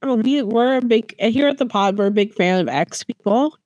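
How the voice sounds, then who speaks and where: A young woman co-hosting a podcast in casual chat, giggly and animated, with quick reactions. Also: fairly high pitch, no echo, dull audio. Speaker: podcast co-host.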